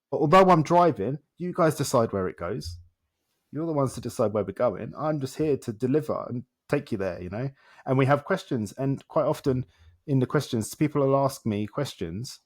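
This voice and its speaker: A man, a coach and guest in an interview, telling stories animatedly and acting out dialogue in short repeated phrases. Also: medium pitch. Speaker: self-development coach, guest. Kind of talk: conversational storytelling in a podcast interview.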